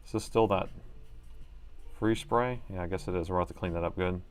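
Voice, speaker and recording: A man's voice: deep voice, a little fast, faint music behind. A man hosting a laptop repair livestream, chatting casually to viewers and laughing often as he works. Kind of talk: casual live repair chat.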